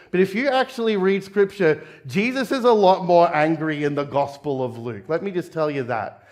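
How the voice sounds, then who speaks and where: A man's voice: high voice, a little mellow. A man from Australia, a pastor preaching a conversational sermon, asking the congregation questions and dropping jokey asides. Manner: jokey asides with quick laughs.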